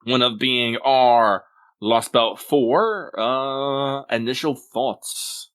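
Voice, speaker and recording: A man's voice: medium pitch, very slow, a bit bright, smooth. A man co-hosting a podcast and reading listener mail, playful and jokey with mock-dramatic asides. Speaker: podcast co-host reading mailbag. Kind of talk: casual chat.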